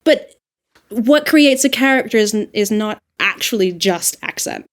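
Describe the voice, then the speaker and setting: A woman with an Australian accent, an audiobook narrator talking through her craft in a casual, animated podcast discussion. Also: medium pitch, a little slow. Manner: animated, reflective, frequent laughs and fillers.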